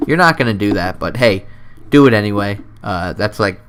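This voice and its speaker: A man hosting his own comedy show, rambling through a goofy, self-mocking monologue close to the mic, his voice jumping and dropping in pitch and loudness. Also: lively intonation, normal speed, a little hiss or hum. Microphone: close desk mic.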